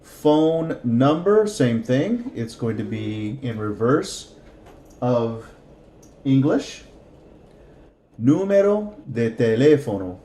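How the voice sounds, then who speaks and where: A man's voice: medium pitch, very animated, slow pace, pauses often, warm tone, roomy sound. A man teaching a language lesson, patiently repeating each word for practice. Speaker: Spanish teacher.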